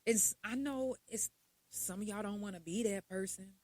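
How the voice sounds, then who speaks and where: A young adult woman, hosting a podcast in a blunt, profane, animated casual monologue. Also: medium pitch, normal speed, no room sound. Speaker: podcast host.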